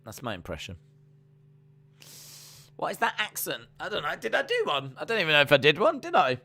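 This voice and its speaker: A man's voice: a little high, huge pitch swings, brisk, creaky, pushed and bright. A man hosting a casual wrestling watch-along stream, chatting and reading out viewer comments. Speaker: live stream host.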